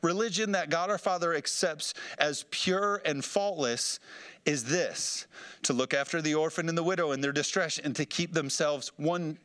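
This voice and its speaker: A man's voice: fairly high pitch, normal speed, a bit bright. A man preaching a fired-up sermon as pastor, reading scripture and calling for amens from the congregation. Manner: fired-up preaching with call-and-response.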